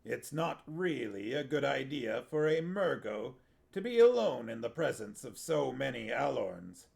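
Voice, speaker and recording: A stern old grandfatherly sorcerer in a fantasy storybook who speaks in calm, measured warnings, voiced by a man reading aloud. The voice is gravelly and slow. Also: mid-range voice, heavily acted.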